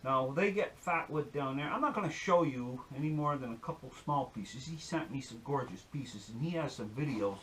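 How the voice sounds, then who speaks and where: A man's voice: medium pitch, animated, normal speed, hardly any pauses, a bit bright, slight background noise. A man giving a folksy, rambling demonstration and telling a joke on his channel. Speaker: outdoor-skills YouTuber.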